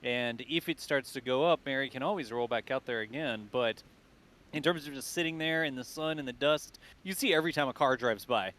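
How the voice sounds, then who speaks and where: Guy hosting a livestream, relaxed, kinda drawls while he thinks it through. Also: mid-range voice. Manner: easygoing, thinking aloud, drawn-out phrasing. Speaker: livestream host. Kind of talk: live stream commentary.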